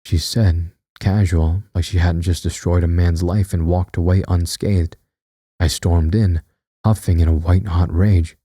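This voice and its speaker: Male horror narrator: very low, dark, husky tone, tense dramatic reading, soft music under it. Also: steady tone, moderate pace, no echo.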